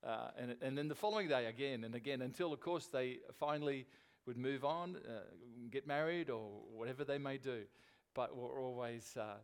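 A man's voice: mid-range voice, moderate pace, clear, resonant tone. Jovial older pastor opening his sermon. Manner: jovial, chuckling, conversational.

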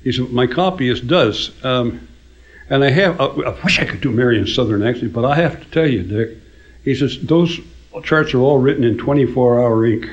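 A man's voice: medium pitch, normal speed, slight background noise. Older man telling dry anecdotes. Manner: dry storyteller, laughs at his own punchlines. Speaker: songwriter telling stories. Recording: dull lo-fi recording.

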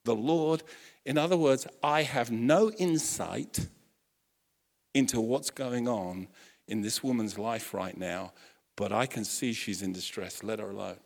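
A man preaching a sermon, telling a story with lively acted-out quotes and frequent restarts. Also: mid-range voice, measured pace, vocal fry. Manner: animated storytelling, acts out quotes, self-correcting restarts. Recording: long hall reverb.

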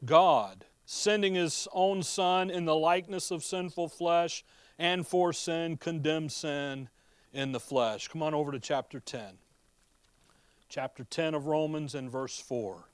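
A man preaching a sermon, folksy and emphatic, firing rhetorical questions at his listeners as he works through scripture. His voice sits a little high for a man and comes across smooth and resonant. The sound is dry and close, with no room around it. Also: a little slow, no echo. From Midwestern United States. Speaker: pastor.

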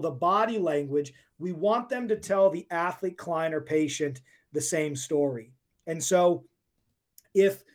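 A man, a performance coach, explaining his ideas emphatically as a podcast guest. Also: sits high. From United States. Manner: emphatic teacherly explaining, asks if it makes sense.

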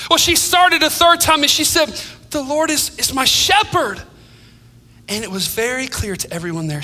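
A male pastor preaches to his congregation, his voice very high and piercingly bright. He rises in emphasis and then falls to near-whispers with a sing-song lilt, and the sound rings with a long reverb. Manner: dynamic preaching, drops to hushed tones, sing-song phrasing. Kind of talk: sermon. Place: church sanctuary.

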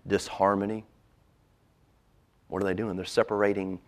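Man, pastor, sermon, very low pitch, loud-to-whisper swings. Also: level tone, moderate pace, long pauses. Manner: dramatic swings from loud emphasis to hushed whispers.

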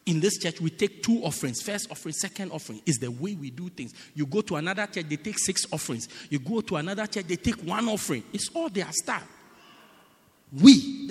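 A man preaching a sermon as pastor, emphatic and repetitive, swinging between loud cries and low murmurs. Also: lively intonation, brisk, slightly rough, long reverb tail.

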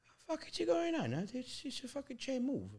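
A man voicing his hot-tempered middle-aged immigrant father, who yells in broken English. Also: fairly high pitch, expressive, moderate pace. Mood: irritated.

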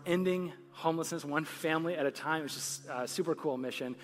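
A man's voice: on the high side, brisk, soft background music. A man preaching a conversational sermon as a pastor on a church stage, often laughing and building to emphatic points. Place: church stage with live audience.

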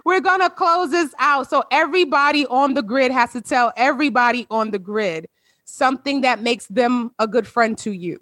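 A woman's voice: high voice, moderate pace, a bit bright, no room sound. Woman hosting a chatty podcast over video call, heartfelt and teary, laughs a lot, dry close sound. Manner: emotional, heartfelt, laughs often. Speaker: podcast host. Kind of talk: casual chat with friends.

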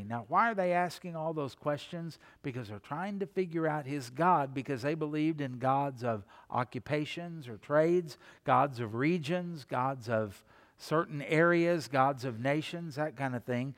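A man preaching a sermon as pastor, expressive, repeating phrases and dropping his voice low and soft to stress a point. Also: unhurried. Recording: long reverb of a large hall.

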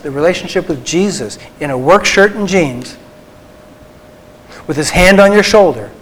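A man, a Christian psychologist, giving an earnest faith talk to a group, slowing down and softening for emphasis. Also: on the high side, slight background noise, rough recording. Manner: earnest, tender, slows for emphasis.

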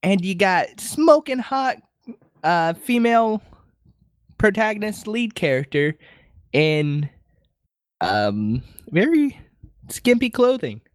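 A man co-hosting a podcast in relaxed, loose chat. His pitch moves a lot as he talks, and he laughs often. The mic sits close and the sound is dry, with no room echo. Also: slow, pauses often. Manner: laughs often, animated delivery. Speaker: podcast co-host. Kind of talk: casual chat.

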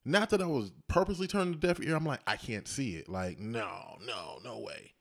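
A man's voice: medium pitch, lively intonation, brisk, creaky. A man in casual conversation, animatedly telling a story and acting out the voices of the people in it. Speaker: husband telling his story.

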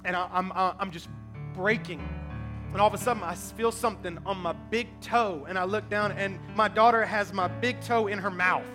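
A man's voice: high voice, fairly even intonation, moderate pace, music in the background. A man in his thirties preaching a sermon, telling personal stories in an emotional, conversational way. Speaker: pastor.

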